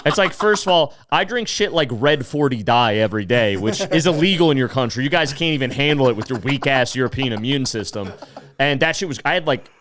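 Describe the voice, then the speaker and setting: A man, co-hosting a comedy podcast, telling crude, animated stories. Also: medium pitch, fairly quick, dry recording. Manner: animated, crude storytelling with swearing. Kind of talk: casual comedic chat.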